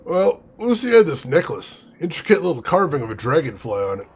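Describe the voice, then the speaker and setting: A man voicing a grieving male friend of a murder victim in a video game, speaking softly and earnestly. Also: a little high, very animated, brisk, breathy edge, faint music behind, heavily acted. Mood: sad.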